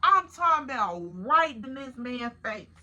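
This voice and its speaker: A woman telling a story to her viewers in a casual, animated way, swearing freely and speaking straight to them. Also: sits high, unhurried, muffled recording.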